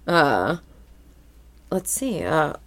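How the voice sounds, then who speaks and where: A woman with a slightly low voice recaps a cartoon on her podcast in casual chat. She tells the story with lively energy and swears freely. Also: extremely slow. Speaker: podcast co-host.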